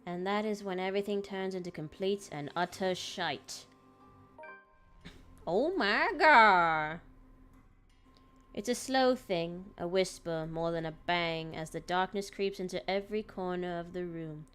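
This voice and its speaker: A woman's voice: on the low side, moderate pace, few pauses, soft background music. A woman streamer reading a visual novel aloud dramatically, breaking off with laughing asides.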